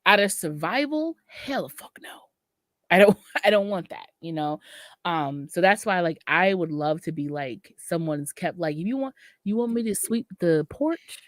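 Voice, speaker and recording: A woman's voice: on the low side, lively intonation, unhurried, dry recording, studio quality. Blunt, profane woman podcaster. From Massachusetts. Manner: blunt, profane, laughs often. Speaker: podcast co-host. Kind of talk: casual chat.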